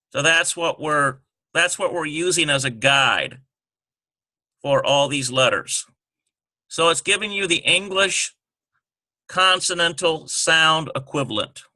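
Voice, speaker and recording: A man teaching a lesson over a screen recording, talking haltingly with many ums and self-corrections. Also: a little high, sharp tone, no echo.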